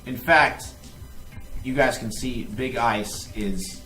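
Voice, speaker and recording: A man runs a tabletop game, narrating scenes in a lively, chatty way with frequent laughs. His voice sits mid-range in a roomy space, with faint music behind. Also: mid-range voice, slow. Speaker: game master.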